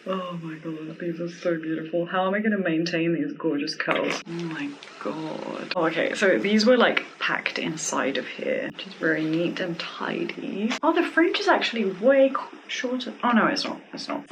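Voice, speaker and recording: A woman doing a casual wig unboxing review, gushing with breathy exclamations and dropping into whispers. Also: lowish voice, lively intonation, normal speed, few pauses, background noise.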